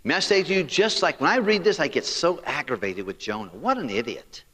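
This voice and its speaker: Male pastor, fervent sermon delivery with direct appeals; voice on the high side, long echo of a hall. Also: sing-song, fairly quick, a bit bright. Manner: preaching with rising emphasis and direct appeals.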